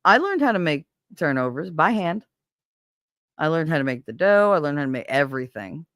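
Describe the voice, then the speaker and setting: Streamer host, man, raised pitch, dry close sound, profane and chatty. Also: fairly quick, no room sound. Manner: blunt, profane, animated storyteller. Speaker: livestream host. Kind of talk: casual chat to a live audience.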